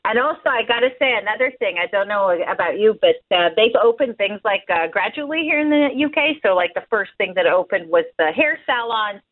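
A woman's voice: mid-range voice, expressive, brisk, few pauses. A woman guest chatting casually over a phone line. She laughs often and fills her talk with "like". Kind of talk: casual chat. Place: at home in the UK.

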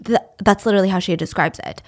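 A woman's voice: mid-range voice, fast. A young woman telling a true-crime story casually, with chatty, sarcastic asides.

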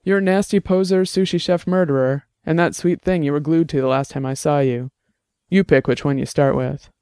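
Man playing a blunt old bruiser, wry and salty, mellow smooth voice. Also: fairly high pitch, steady tone, normal speed, dry recording, studio quality, close to an everyday voice. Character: rapidly aging gruff old male ex-bruiser.

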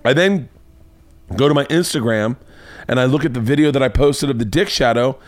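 Animated, foul-mouthed man telling stories. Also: brisk, dry recording. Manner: animated storytelling, swears freely, voice jumps higher when excited. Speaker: comedian podcast host. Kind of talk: casual comedic monologue. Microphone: podcast mic.

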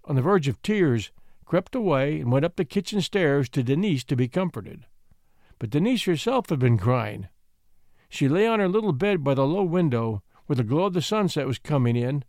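A man reading a classic storybook aloud with an expressive, sympathetic delivery. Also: a little high, moderate pace, no echo, clean studio sound.

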